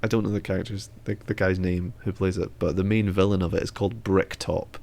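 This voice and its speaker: A man's voice: low voice, steady tone, fairly quick, gravelly, darkish tone. A young man on a podcast, casual chat, blunt, opinionated and sardonic. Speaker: podcast co-host.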